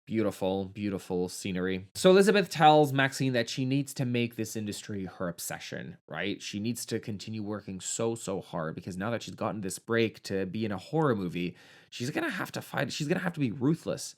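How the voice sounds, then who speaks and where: A man's voice: lowish voice, lively intonation, brisk. A man giving a casual, sarcastic movie review, campy and swearing freely as he retells the plot.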